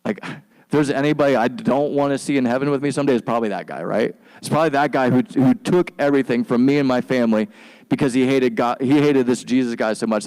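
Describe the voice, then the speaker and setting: A male pastor preaching in a loose, conversational style, full of slang and asides. His voice sits at an ordinary pitch and carries a long reverb from a large hall. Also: smooth. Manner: relaxed and slangy, acts out quick voices for biblical figures. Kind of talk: casual conversational sermon.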